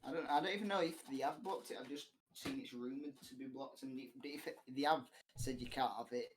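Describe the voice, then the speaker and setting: A man's voice: mid-range voice, fairly quick, a little hiss or hum, low-quality recording. A young man on a casual podcast, blunt and sweary. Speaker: podcast co-host. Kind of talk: casual chat.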